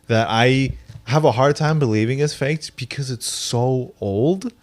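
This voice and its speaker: A man's voice: mid-range voice, a little slow. A young man co-hosting a podcast, telling stories in a rambling casual way with lots of fillers and swearing. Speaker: podcast co-host. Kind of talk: casual chat.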